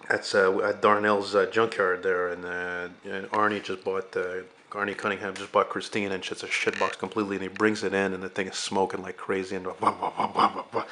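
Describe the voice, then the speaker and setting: A man's voice: sits low, little pitch movement, brisk, few pauses, pushed and bright, a little hiss or hum. A man around forty, an artist hosting his own channel, talking casually in a rambling, hesitant way with frequent fillers and casual swearing. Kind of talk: casual vlog talk.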